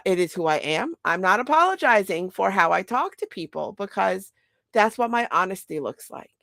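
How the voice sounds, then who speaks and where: A woman's voice: mid-range voice, gravelly, no room sound, clean studio sound. A middle-aged mother talking bluntly and casually, animating her points by acting out what other people say. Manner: blunt, animated, quotes others in acted voices. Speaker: mother and podcast host. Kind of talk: casual monologue.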